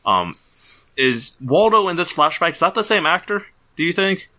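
A man's voice: fairly high pitch, sing-song, normal speed, bright, forceful tone. A man hosting a podcast, recapping a show in a casual, rambling way with fillers. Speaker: podcast host. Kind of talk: casual chat.

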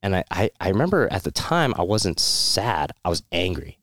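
A man's voice: deep voice, big pitch swings, normal speed, fairly bright tone, no echo, clean studio sound. A man, a military veteran, telling his personal story in a candid, rambling way, with many fillers, restarts and short laughs.

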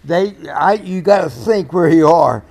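A man's voice: on the high side, a little slow, darkish tone. A man in his eighties hosting a podcast, talking in a rambling, earnest way and often correcting himself. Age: 80s. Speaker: podcast host. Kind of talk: casual storytelling monologue.

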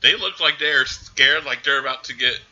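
A man's voice: mid-range voice, fairly quick, sharp tone, highs cut off. A man co-hosting a casual podcast, animatedly retelling a film's scenes and acting out its characters' lines. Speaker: podcast co-host. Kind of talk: casual movie recap chat.

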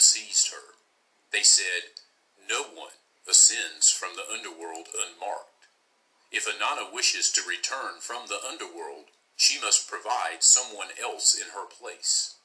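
Deep-voiced man reading a myth solemnly. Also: sharp tone, rough recording. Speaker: narrator.

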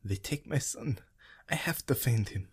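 A man voicing a desperate young mother who pleads in halting broken English. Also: medium pitch, animated, husky, voice pushed up. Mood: pleading, distraught.

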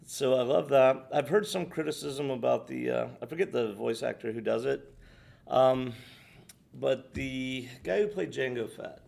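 A middle-aged American man co-hosting a podcast, with a gravelly edge to his mid-range voice. He wanders off on tangents and fills pauses with ums and uhs in relaxed, casual chat. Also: medium pitch. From United States. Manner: rambling, tangent-prone, filler-heavy. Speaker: podcast co-host.

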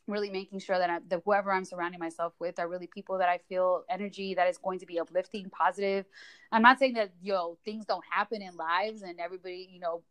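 A woman guest on a podcast, talking in a relaxed, chatty way, full of fillers. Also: medium pitch, smooth. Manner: relaxed, chatty, lots of likes and you-knows. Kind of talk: casual podcast chat.

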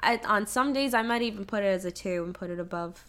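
A woman's voice: medium pitch, quick pace, a bit bright. A woman co-hosting a comedy podcast over a video call, chatting casually, giggly and playful and swearing freely. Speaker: podcast co-host. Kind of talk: casual chat.

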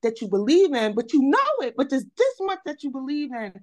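Animated woman telling her story. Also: sits high, brisk. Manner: animated storytelling, repeats words, says "y'all". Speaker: podcast guest. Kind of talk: casual chat.

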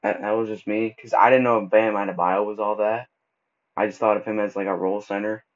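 A man hosting a casual solo podcast, talking loosely and stumbling over words as he goes, with relaxed slang. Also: fairly low pitch, fairly quick. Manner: casual, stumbles and restarts often; laid-back slang like bro and dude. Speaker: podcast host. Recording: dull lo-fi recording.

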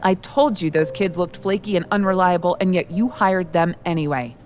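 A woman's voice: on the low side, normal speed, a little mellow, faint music behind, lightly acted. A woman voicing a curt, cool-headed male record producer who gives clipped orders. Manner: blunt, clipped, commanding.

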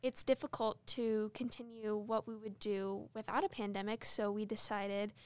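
A woman's voice: medium pitch, little pitch movement, moderate pace, darkish tone, clean tone, no echo. A teenage girl co-hosting a casual podcast, upbeat and teasing, with lots of "like" and "um". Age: teens. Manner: upbeat, teasing, uses fillers like "like" and "um". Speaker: podcast co-host.

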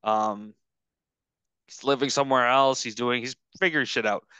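A podcast host chatting casually over a video call, rambling and halting with lots of fillers. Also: male voice, mid-range voice, fairly even intonation, pushed and bright, clean tone, no echo. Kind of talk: casual chat.

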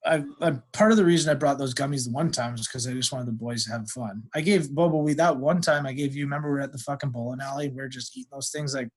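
A young man who is a guest on a podcast, telling stories in casual chat, swearing freely and animated. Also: medium pitch, quick pace, few pauses. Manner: profane, animated storyteller.

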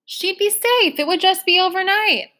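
A woman doing a quiet, patient policeman. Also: extremely high pitch, pitched above the performer's own voice. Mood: calm. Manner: quiet, measured. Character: calm, patient male police officer. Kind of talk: reading a novel aloud.

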